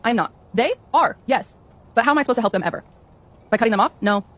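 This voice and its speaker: A woman's voice: fairly high pitch, lively intonation, fast talker, fairly bright tone. A woman streamer talking to her chat, insistent and repeating herself as she defends her view. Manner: insistent, repetitive.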